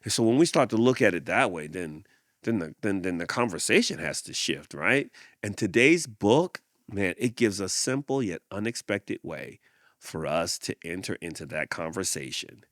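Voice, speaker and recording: A man's voice: deep voice, normal speed, no echo, clean studio sound. A man hosting a podcast, reflecting and then reading a picture book aloud, often repeating words as he goes. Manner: repeats words, animated and expressive. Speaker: podcast host.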